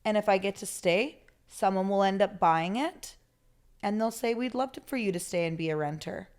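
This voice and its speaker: A woman guest on a podcast, a therapist, telling stories in a candid, animated way and swearing freely. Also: mid-range voice, moderate pace. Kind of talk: casual conversational interview.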